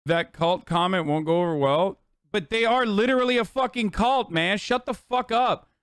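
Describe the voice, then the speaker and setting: A man streaming a casual reaction, ranting in an exasperated, profane and animated way. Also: high-pitched, moderate pace, clear, resonant tone, no room sound, clean studio sound.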